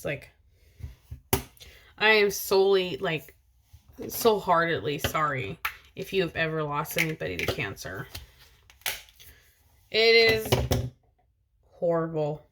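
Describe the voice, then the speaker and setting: Sitting in the driver's seat of a car, a woman in her thirties and mother of two chats casually to camera for a personal vlog. Her voice is lowish with a little hiss or hum, and she rambles with plenty of fillers and restarts.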